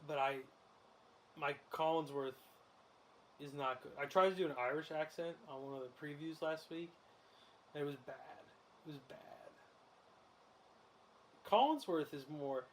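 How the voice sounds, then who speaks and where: An excitable man who laughs often, hosting casual sports betting commentary while watching a game. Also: on the high side, unhurried, pauses often, a little hiss or hum. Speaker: host.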